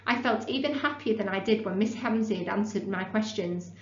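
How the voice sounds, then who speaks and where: A woman's voice: mid-range voice, fairly quick. Woman teacher reading a story aloud. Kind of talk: reading a children's book aloud. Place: classroom. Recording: roomy, dull lo-fi classroom recording.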